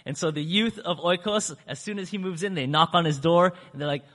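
A man speaking to a church audience, telling a story in a chatty, animated way and acting out what people said with big swings in his voice. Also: a little fast, hardly any pauses. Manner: acts out quoted speech with big pitch swings; chatty, with fillers and restarts. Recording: long hall reverb.

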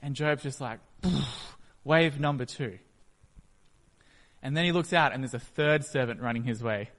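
A man's voice: mid-range voice, quick pace, fairly bright tone. Man preaching in an echoey hall. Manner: storytelling, acts out the scene. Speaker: pastor. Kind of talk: sermon.

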